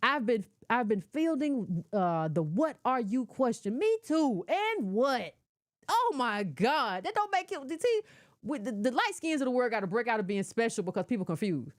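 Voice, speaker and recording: A woman's voice: a little high, big pitch swings, normal speed, dry recording, studio quality. A middle-aged woman giving casual, opinionated commentary, lecturing emphatically and talking in a colloquial way. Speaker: commentator reacting to clips.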